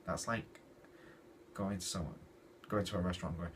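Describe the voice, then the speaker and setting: A man's voice: on the low side, brisk, long pauses. A man reviewing a comic in a casual, exasperated rant. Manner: exasperated, ranting, animated. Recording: distant mic with noisy background.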